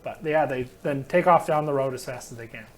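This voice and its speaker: A man's voice: mid-range voice, fairly quick. A man narrating as game master in a game store, rambling and laughing between descriptions.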